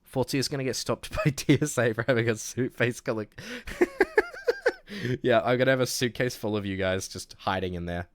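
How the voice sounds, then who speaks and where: A young man with a New Zealand accent, chatting casually on a livestream and reading chat aloud, relaxed, laughing easily and restarting his sentences. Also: medium pitch, fairly quick, no room sound, clean studio sound. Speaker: streamer.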